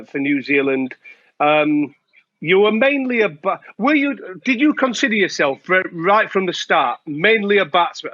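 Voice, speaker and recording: In his forties, a former cricketer now hosting a podcast teases his guest in a casual, jokey manner and laughs often. His voice sits on the high side, and the dry recording has a thin lo-fi sound.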